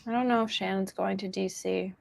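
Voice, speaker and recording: A woman's voice: medium pitch, steady tone, a little fast, vocal fry, a little mellow. A woman hosting a casual podcast chat, rambling and laughing easily with lots of fillers. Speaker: podcast host.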